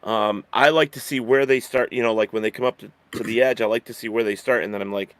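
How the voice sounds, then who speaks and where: A man's voice: lowish voice, fairly even intonation, fast talker, smooth, no room sound. A man in casual chat who rambles with restarts and laughs easily.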